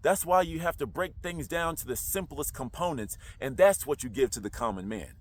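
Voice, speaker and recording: A man's voice: fairly high pitch, animated, normal speed. A man talking casually to camera in a slangy, roundabout way, full of rhetorical questions. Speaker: online commentator.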